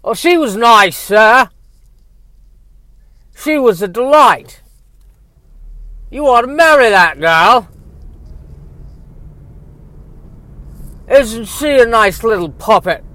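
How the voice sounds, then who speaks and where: A man's voice: extremely high pitch, expressive, slow, long pauses, sharp tone, no echo, pitched above the performer's own voice, exaggerated voice. A man voicing a short, meek male house elf servant who fawns over his master and mixes bad British and Southern accents. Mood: fawning. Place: in a car.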